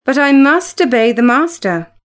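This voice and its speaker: A woman's voice: high voice, expressive, moderate pace. A woman voicing a dutiful young female servant who speaks politely but indignantly.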